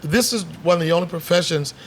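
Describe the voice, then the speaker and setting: Middle-aged man, comedian, lively storyteller, slightly high voice, faint room hum. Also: quick pace. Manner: animated storyteller, acts out voices, swears freely. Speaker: comedian guest. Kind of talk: casual storytelling chat. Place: bar set.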